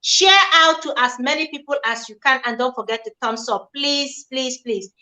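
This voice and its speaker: A woman hosts a talk show in a high, bright voice. She keeps things playful, urges viewers to share, and reads out their comments. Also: normal speed, poor audio. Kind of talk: casual chat.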